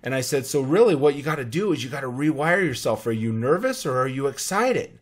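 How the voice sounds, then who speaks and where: A man in his forties hosting a podcast, giving an energetic motivational talk with anecdotes and frequent restarts. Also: medium pitch, brisk. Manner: energetic, repeats words and restarts, tells anecdotes. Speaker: podcast host.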